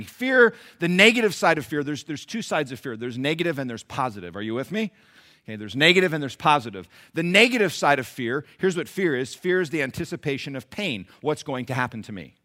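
A man delivers a sermon, his pitch moving a great deal as he alternates between loud, driving emphasis and soft, confiding asides. His tone is bright and forward, and his delivery is animated. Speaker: pastor.

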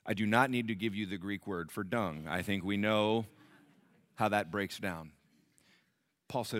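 A middle-aged man preaching a sermon to a congregation, animated, often jumping into loud acted-out voices. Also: lowish voice, measured pace, long pauses, dry recording. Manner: animated, acts out bragging characters loudly. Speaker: pastor.

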